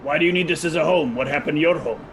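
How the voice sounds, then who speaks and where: A man playing a tabletop game, arguing in character with quick banter. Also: fairly high pitch, a bit bright, soft background music. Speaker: player.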